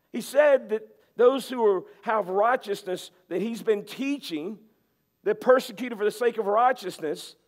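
Emphatic pastor, high voice. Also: male voice. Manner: emphatic, repeats key words, swings from loud to soft. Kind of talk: sermon.

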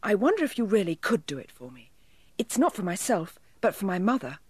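An earnest, well-mannered little boy, played by a woman reading a storybook. His voice is lifted a little above hers, lively and slightly breathy. The sound is close and dry. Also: mid-range voice, a little fast, no echo. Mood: kind. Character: polite, kind little boy.

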